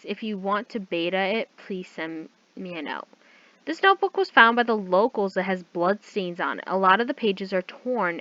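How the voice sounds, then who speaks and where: A woman's voice: mid-range voice, sharp tone, no room sound. A woman casually reading a fan story aloud, stumbling and correcting herself with chatty asides. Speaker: story reader. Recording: dull lo-fi recording.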